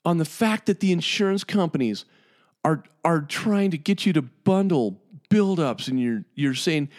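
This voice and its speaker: A man's voice: fairly high pitch, animated, measured pace, a little mellow. A man in his fifties, a dentist of long standing, delivering an impassioned and exasperated monologue to his colleagues, repeating and stressing his points. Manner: emphatic, exasperated, repeats himself.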